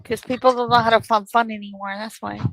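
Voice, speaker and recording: A chatty woman co-hosting a casual stream, her voice bright and forward. She swears casually and keeps the chat rolling in a dry, close-sounding room. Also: on the high side, flat delivery, fast, creaky, no room sound, low-quality recording. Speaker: co-host.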